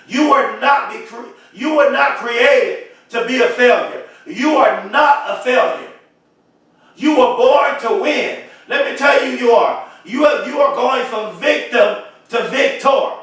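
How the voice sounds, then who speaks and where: A man giving an impassioned motivational speech, repeating phrases and swelling into shouts. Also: extremely high pitch. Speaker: motivational speaker. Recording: very echoey, voice far from mic.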